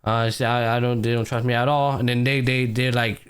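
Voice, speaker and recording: A man's voice: mid-range voice, little pitch movement, a little fast, clean tone. A young man co-hosting a podcast, casually recapping an anime and acting out the characters' lines with plenty of slang and swearing. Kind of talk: casual chat.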